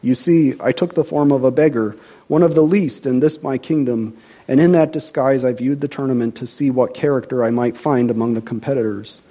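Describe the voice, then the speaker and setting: A man's voice: mid-range voice, a little fast, warm tone, lo-fi sound, close to an everyday voice. A man voicing a stern, just old king in a storybook reading, speaking in a solemn, commanding way.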